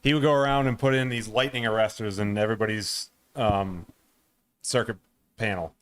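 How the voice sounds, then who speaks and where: Chill guy co-hosting, lotta "like"s, lowish smooth voice, dry sound. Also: fairly even intonation. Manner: laid-back, halting chat with many "like"s. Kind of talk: casual live-stream chat.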